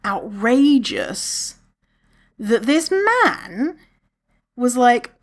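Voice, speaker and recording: A woman with a high-pitched, animated voice hosts a podcast, drawing out her words as she tells a story. It's a casual monologue, chatty and candid, and she swears freely.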